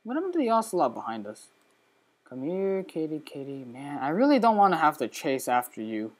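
Talking a little fast, this let's play host offers chatty, excitable commentary on his game from his computer, punctuated by abrupt high-pitched squeals.

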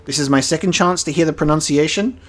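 A gaming streamer with a slightly high, somewhat bright voice talks quickly over a faint hiss or hum. He's playing a video game for the first time and commentates it in a chatty, playful let's-play style, tossing in laughing asides.

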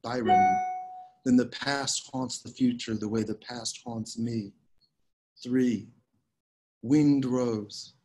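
Man giving a measured poetry reading. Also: medium pitch, steady tone, warm tone, rough recording. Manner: measured, unhurried reading with pauses. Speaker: poet reading his work. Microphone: video call.

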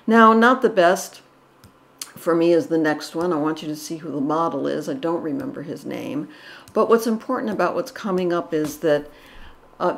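A woman's voice: sits low, creaky. A middle-aged woman giving casual, enthusiastic commentary on paintings, with frequent restarts and gushing praise. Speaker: art commentary vlogger.

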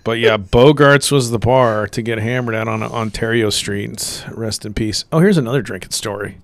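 A middle-aged man co-hosting a podcast, rambling through profane stories with laughs, getting loud when he quotes people. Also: medium pitch, moderate pace, no echo. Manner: rambling, profane, laughs mid-story, swings loud when quoting the angry coach. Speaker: podcast co-host. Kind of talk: casual storytelling chat.

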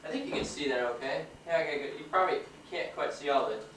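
Man, fairly high voice, joking home-movie narrator, roomy kitchen sound from a distance. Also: quick pace, fairly bright tone. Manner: chatty, joking, explains each step. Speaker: home video maker. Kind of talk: casual narration to camera. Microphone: built-in mic of a 1994 home camcorder. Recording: roomy, distant, faint hiss.

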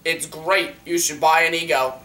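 A man's voice: fairly high pitch, steady tone, moderate pace, bright, forceful tone. A young man joking around as the interviewee, teasing and goofy in a put-on British accent. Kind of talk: joking banter. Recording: roomy, from far off, faint noise.

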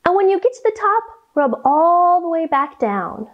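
A woman's voice: extremely high pitch, very animated, normal speed, dull audio. A young woman leading a guided yoga storytime for children, cheerful and encouraging as she talks young kids through each pose. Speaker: kids' yoga teacher.

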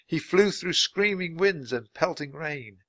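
A man reading a children's adventure book aloud, clear and steady for language learners. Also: fairly high pitch, unhurried, dry recording. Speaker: storybook reader.

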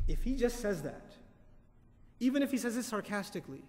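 A man lecturing on Quran commentary, animated, asking the audience questions and reciting Arabic verses quickly. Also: high voice, in a large hall. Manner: animated, asks the audience questions and answers them. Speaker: Quran teacher.

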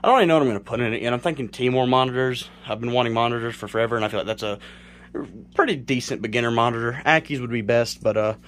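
A man's voice: mid-range voice, racing, a bit bright, a little hiss or hum. Young man from South Carolina, casual reptile-keeper vlogger, rambling delivery, slightly winded. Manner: rambling, self-correcting, lots of fillers. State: slightly out of breath. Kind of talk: casual home-build tutorial. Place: cluttered bedroom at home.

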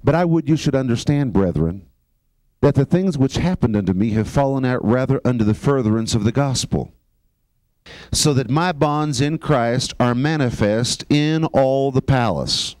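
A man's voice: medium pitch, animated, darkish tone, dry recording. Emphatic male Bible teacher, dry sound. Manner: emphatic, slows down on key words. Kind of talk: sermon teaching.

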